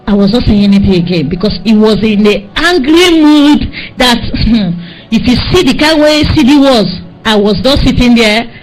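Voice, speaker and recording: A woman's voice: a little high, animated, a little slow, soft background music, poor audio. A woman telling an emotional personal testimony, repeating herself as she tells the story. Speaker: testimony giver.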